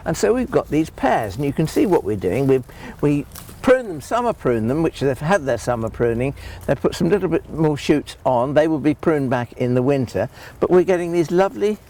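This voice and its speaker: Man, gardening presenter, chatty homely tone, mellow warm voice, lively pitch, outdoor garden, faint background noise. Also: normal speed, hardly any pauses. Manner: chatty, homely, rambling with restarts. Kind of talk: friendly practical demonstration.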